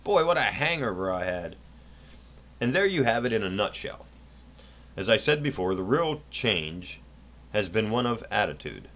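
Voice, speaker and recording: A man reading an old book aloud in an earnest, unhurried way, with small slips, in a dull lo-fi home recording. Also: on the low side, a bit bright. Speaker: audiobook reader.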